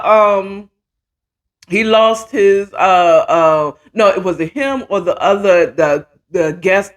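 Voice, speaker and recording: A woman hosting a casual commentary chat from home, opinionated and rambling, with restarts and asides. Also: fairly low pitch. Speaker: host. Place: home, at a computer.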